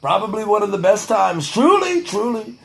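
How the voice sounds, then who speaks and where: High-voiced young man rambling to camera. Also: sing-song, normal speed, gravelly, fairly bright tone, a little hiss or hum, rough recording. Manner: profane, repeats "truly", drifts into a mock-presidential cadence. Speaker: vlogger. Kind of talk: rambling casual monologue to camera.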